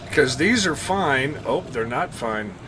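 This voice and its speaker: A man streaming a game live, chatting casually with viewers, thinking and counting out loud and laughing often. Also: medium pitch, expressive, slow, noisy background. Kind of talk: casual gameplay commentary.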